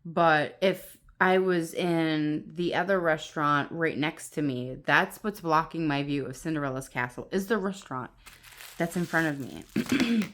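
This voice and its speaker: A woman filming a casual vlog on her phone at home, excitable and gushing, laughing often as she talks. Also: low-pitched, measured pace. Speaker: vlogger. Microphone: phone camera on tripod.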